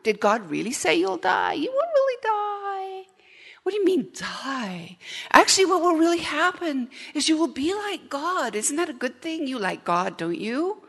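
Woman doing a sly male serpent, coaxing whisper, raised pitch, wheedling, echoey hall. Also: very animated, moderate pace, vocal fry, a bit bright, heavily acted.

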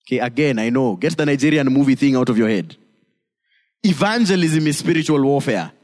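A man preaching a sermon as pastor, emphatic, with sudden swings into high, dramatic delivery. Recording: long reverb of a church hall.

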